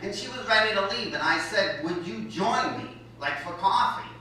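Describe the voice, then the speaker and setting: A man's voice: sits high, lively intonation, moderate pace, pushed and bright, slight background noise. A man doing a stand-up comedy set, telling a story in a blunt, profane, self-mocking way. He speaks into an echoey college hall in front of a live audience. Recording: echoey hall, mic heard from a distance.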